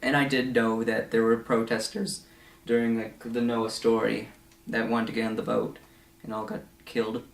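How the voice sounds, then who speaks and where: A young man talks through a film in a casual, rambling review, stacking fillers and side remarks. His voice sits at a middling pitch, and the room gives it a noticeable echo. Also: flat delivery, creaky. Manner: rambling, full of fillers and asides, slips into quick mocking voices. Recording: echoey room.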